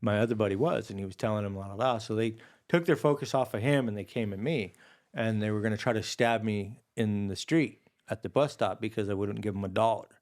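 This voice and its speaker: A man in his forties from Hawaii, guest on a podcast, who talks in a low-pitched, easygoing voice. He drifts through long personal stories in casual conversation, dropping plenty of "dude" and "you know" along the way. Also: brisk, darkish tone. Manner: laid-back, rambling, peppered with "dude" and "you know".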